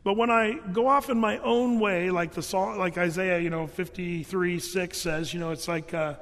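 A man preaching with a notably high voice, talking in a loose, conversational way full of fillers and restarts. His voice rings out with a long reverb, as though filling a large hall. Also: steady tone, moderate pace, fairly bright tone. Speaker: pastor. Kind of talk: sermon.

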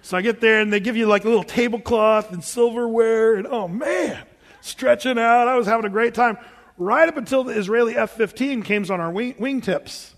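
A man's voice: very high-pitched, brisk. A male preacher telling a personal story to his congregation, chatty and self-amused, often laughing. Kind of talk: storytelling sermon to a live congregation. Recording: long reverb of a big hall.

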